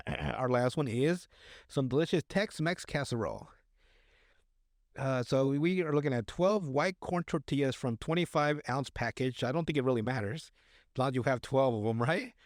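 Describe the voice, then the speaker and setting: A man's voice: mid-range voice, normal speed, no echo, studio quality. A man co-hosting a podcast, reading recipes aloud in casual chat, stumbling over words and joking crudely. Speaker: podcast co-host.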